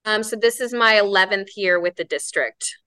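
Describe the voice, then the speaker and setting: A woman's voice: medium pitch, moderate pace, bright, forceful tone, dry recording, rough recording. A woman from Southern California, a theater director, giving enthusiastic, rambling explanations in a casual interview.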